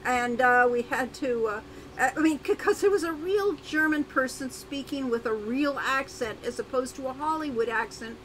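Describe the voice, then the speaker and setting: Older female game designer, high bright voice, casual anecdotes, faint hiss. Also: poor audio. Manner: quick affirming interjections, storytelling. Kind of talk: casual dev chat.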